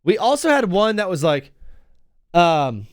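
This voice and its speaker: A man's voice: sits high, big pitch swings, unhurried, no room sound, clean studio sound. A young man hosting a casual solo talk show, rambling through stories and chanting old cheers in a sing-song. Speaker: podcast host.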